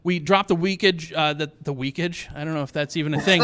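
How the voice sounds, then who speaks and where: A man's voice: fairly high pitch, fairly even intonation, fast talker, few pauses, a crowd in the background. A man hosting a virtual comedy show, chatty and rambling with many fillers as he introduces comics.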